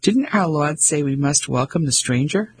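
A man reading the lines of a kindly abbot with a soft, gentle voice. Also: fairly high pitch, lively intonation, moderate pace, a little hiss or hum, lightly acted.

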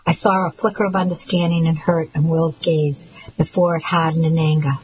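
A woman reading a first-person novel aloud as an audiobook narrator, in a measured, steady way. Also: sits low, slight background noise, rough recording.

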